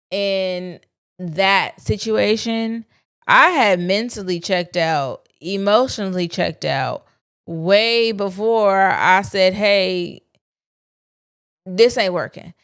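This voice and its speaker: On her solo podcast, a young woman talks to listeners in a candid, chatty, confiding way. Her voice is fairly low, with a clean tone.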